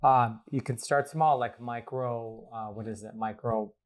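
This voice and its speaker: A man's voice: medium pitch, fairly even intonation, unhurried. A man, a guest astrologer, talking playfully in a rambling, casual podcast chat recorded at home. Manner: playful, rambling, laughs often.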